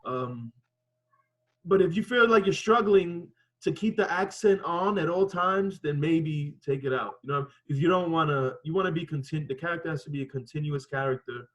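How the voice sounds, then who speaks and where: High-voiced man giving loose feedback. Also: moderate pace, a bit bright, low-quality recording. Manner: loose, rambling, profane. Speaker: wrestling student. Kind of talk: casual critique.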